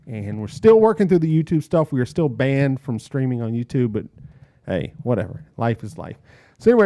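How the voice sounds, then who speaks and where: A man hosts a casual podcast, talking in a jokey, upbeat emcee manner. His voice is mellow and sits at a middle pitch. The sound is dry and close. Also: no echo. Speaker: podcast host.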